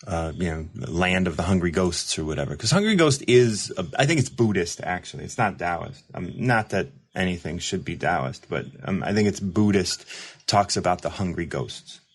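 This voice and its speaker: A male recovery mentor hosts a casual livestream, talking in a deep, slightly rough voice. His monologue is rambling and reflective, full of fillers and restarts, and he reads viewer comments aloud.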